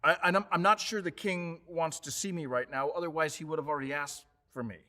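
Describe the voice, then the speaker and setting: High-voiced, bright, animated male pastor. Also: a little fast. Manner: animated storytelling, paraphrases scripture in modern speech; swings from loud emphasis to low quiet tones. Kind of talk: sermon.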